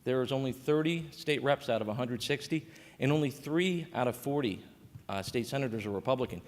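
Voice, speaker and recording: A man's voice: medium pitch, animated, fairly quick. A man giving a conversational conference panel talk as a state coordinator, with frequent fillers and restarts. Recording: reverberant conference hall.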